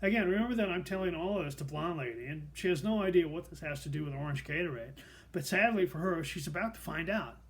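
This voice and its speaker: A man's voice: on the high side, quick pace. A middle-aged man hosting a show, telling a personal story in a dry, wry, self-deprecating way. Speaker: host.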